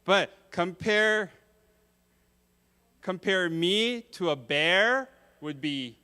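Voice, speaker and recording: A man gives a children's sermon in church, asking the kids questions as he goes. His voice sits high and swings widely up and down. He speaks slowly and with emphasis. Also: smooth. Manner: lively, questions the kids often. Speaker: preacher.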